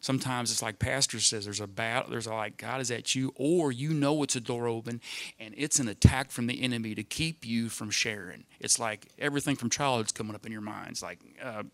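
A middle-aged man giving a personal testimony to a church congregation, telling his story in an earnest, halting way full of restarts. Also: medium pitch, fairly bright tone, dry recording. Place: church, speaking in front of people.

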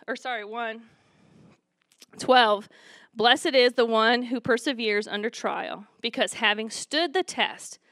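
Woman, church testimony, high bright voice, dry close sound, chatty. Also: smooth, dry recording. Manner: chatty, upbeat, laughs while telling stories. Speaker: youth leader giving testimony.

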